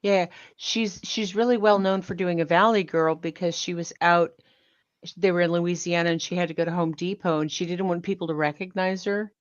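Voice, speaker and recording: A woman's voice: on the low side, steady tone, a little fast, dry recording, dull audio. A woman guest on a livestream, telling a rambling story and searching for names as she goes. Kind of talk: casual chat.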